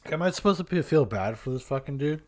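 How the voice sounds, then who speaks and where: A man's voice: fairly high pitch, animated, fast, a little mellow. A man hosting a podcast, reacting to clips with blunt, indignant and profane commentary, sometimes mimicking other people. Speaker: podcast host. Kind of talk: casual commentary.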